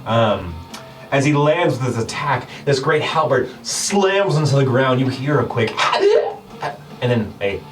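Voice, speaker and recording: A man's voice: mid-range voice, wildly swooping pitch, slow pace. A man narrating as game master of a tabletop game, describing the action with many fillers and small laughs. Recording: distant mic with background music.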